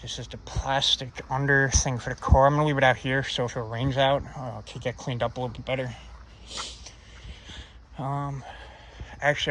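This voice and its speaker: A man's voice: medium pitch, fairly bright tone, a little hiss or hum. A man talking casually while he works on his car, thinking aloud and swearing freely. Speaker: car vlogger. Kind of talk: casual DIY repair vlog. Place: home driveway by a car.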